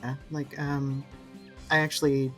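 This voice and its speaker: A podcast co-host in a casual discussion, thinking out loud and halting often with fillers. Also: mid-range voice, little pitch movement, soft background music. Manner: thoughtful, rambling, halting with many fillers.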